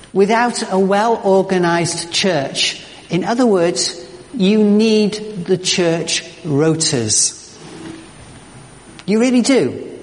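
A man's voice: high-pitched, slight background noise. Man preaching in echoing church. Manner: emphatic, animated, stumbling repeats. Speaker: pastor. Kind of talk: sermon. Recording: long church reverb.

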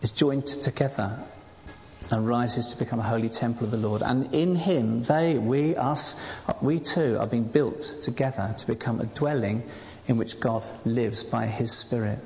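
A man's voice: mid-range voice, normal speed, a little mellow. A man preaching a sermon in a church, earnest and exhorting his congregation. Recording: reverberant church hall, dull faint hiss.

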